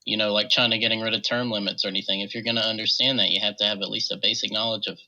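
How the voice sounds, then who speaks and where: Hesitant male caller, bright tone. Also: lowish voice, level tone, very fast, highs cut off. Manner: hesitant, many fillers.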